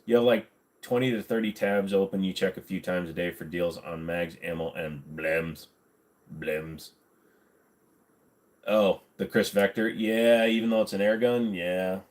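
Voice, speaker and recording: A man's voice: lowish voice, normal speed, a little mellow. A man hosting a casual livestream, reading chat and joking around, slipping now and then into goofy voices. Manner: chatty, jokey, slips into goofy voices.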